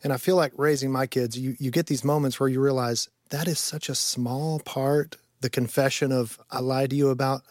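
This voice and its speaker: Male producer on air, mid-pitch, thoughtful and reflective, dry studio sound. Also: fairly even intonation, moderate pace, few pauses, a little mellow, no echo. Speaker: producer, guest. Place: radio studio.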